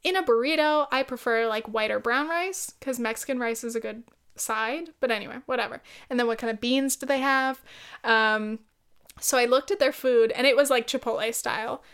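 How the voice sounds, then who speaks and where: Smooth-voiced woman telling a casual story. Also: on the high side, moderate pace, a bit bright. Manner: blunt, profane, laughs often. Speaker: podcast host.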